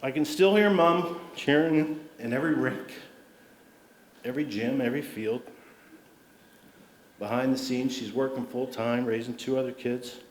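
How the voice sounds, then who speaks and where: A man's voice: medium pitch, moderate pace, long pauses, a little hiss or hum. A middle-aged man giving an acceptance speech at an awards ceremony, telling family stories with humor. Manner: warm anecdotal storytelling with humor. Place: large civic hall. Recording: roomy hall with faint ambience.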